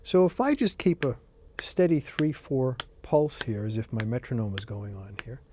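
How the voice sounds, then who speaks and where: A man's voice: mid-range voice, animated, moderate pace, background noise. A middle-aged man teaching a guitar lesson, explaining rhythm in an easygoing way and counting beats aloud between demonstrations. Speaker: guitar instructor.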